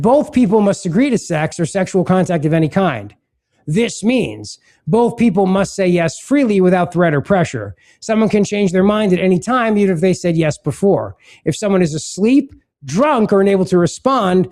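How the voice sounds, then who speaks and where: A man hosts a political talk podcast with sarcastic commentary. He reads material aloud and breaks in with mocking asides. His voice sits high for a man. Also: a little mellow. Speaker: podcast host.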